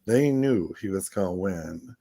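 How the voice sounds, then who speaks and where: A man co-hosting a radio talk show, telling lively stories and acting out quoted voices, often laughing. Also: low-pitched, measured pace, vocal fry, dry recording. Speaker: radio show co-host, former city council member. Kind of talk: casual storytelling radio conversation.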